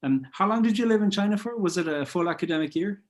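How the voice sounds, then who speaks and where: A male host chatting casually over a video call, relaxed and hesitant with frequent ums. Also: high-pitched, fast. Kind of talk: casual chat.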